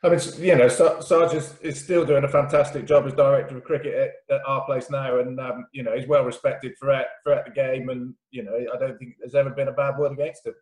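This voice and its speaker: A man hosting a podcast, speaking in a measured, slightly hesitant casual manner. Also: mid-range voice, steady tone, a little mellow. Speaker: podcast host. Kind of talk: casual chat. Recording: roomy echo.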